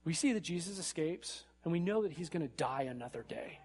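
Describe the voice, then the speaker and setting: High-voiced animated male preacher. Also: a little fast, breathy edge. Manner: animated, rising to emphatic peaks, frequent "right?" check-ins. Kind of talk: sermon.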